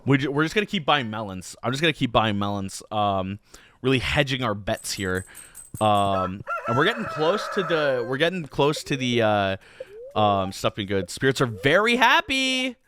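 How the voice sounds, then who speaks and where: A man's voice: mid-range voice, expressive, moderate pace, fairly bright tone, a little hiss or hum. A young man hosting a casual game playthrough, rambling with lots of "um"s and jokey slang. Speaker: gaming channel host. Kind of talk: casual let's play commentary.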